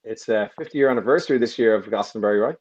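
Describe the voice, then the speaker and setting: A man's voice: lowish voice, fast talker, a little mellow. Man, quizmaster, self-mocking jokes, muffled earphone mic, video call. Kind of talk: casual video call quiz hosting. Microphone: loose earphones on a video call.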